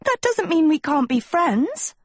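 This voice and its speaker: A woman voicing a vain, sweet-talking teenage girl who coaxes in a high, sugary tone. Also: sing-song, measured pace, dry recording. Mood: coaxing. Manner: sugary, coaxing, high and wheedling.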